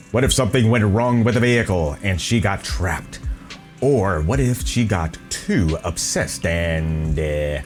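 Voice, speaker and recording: A man casually commenting on a video game playthrough, playful, reading dialogue and repeating phrases for fun. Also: low voice. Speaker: gameplay streamer.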